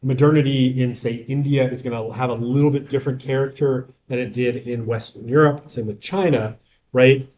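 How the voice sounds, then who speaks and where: A man's voice: medium pitch, fairly even intonation, normal speed, darkish tone. A man giving a casual university lecture in a classroom. He keeps checking in with the class by asking "right?" and drifts into joking asides.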